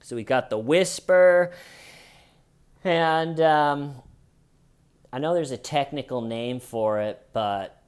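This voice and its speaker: A man's voice: a little high, takes it slowly, long pauses, clear, resonant tone. A man hosting a casual commentary show, talking in a sarcastic, mocking way. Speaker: host.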